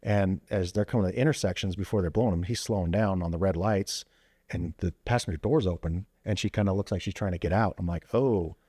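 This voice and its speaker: A former police officer and veteran, guesting on a podcast, casually tells a story in a loose style full of fillers like "you know" and "like," acting out quoted dialogue with sudden jumps in voice. His voice is low, dark, and slightly rough, fast-paced, recorded at studio quality with no echo.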